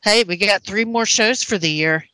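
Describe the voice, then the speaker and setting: Woman, podcast co-host, blunt, emphatic, swears, low bright voice, dry sound. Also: normal speed, no room sound, low-quality recording. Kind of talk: casual chat.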